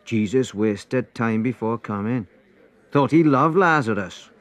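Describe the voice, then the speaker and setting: A man's voice: medium pitch, expressive, measured pace, a bit bright, voice pushed up. A man voicing a cross bystander in a storybook reading, grumbling and sour.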